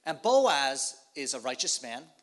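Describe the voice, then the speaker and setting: A man preaching, telling a story in short phrases and pausing for an interpreter. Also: mid-range voice, sing-song. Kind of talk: sermon with live interpretation.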